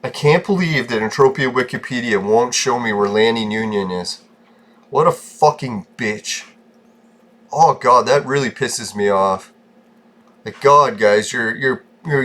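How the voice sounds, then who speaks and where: A man records casual commentary over a video game in a profane, easily irritated rant. His short temper shows in constant swearing and grumbling asides. His voice sits at an ordinary middle pitch. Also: a bit bright. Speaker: gaming vlogger.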